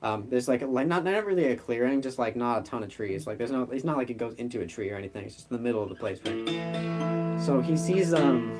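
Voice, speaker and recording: A man's voice: medium pitch, fast talker, music in the background. A man hosting a live stream, improvising a story in a rambling, filler-heavy, loose way.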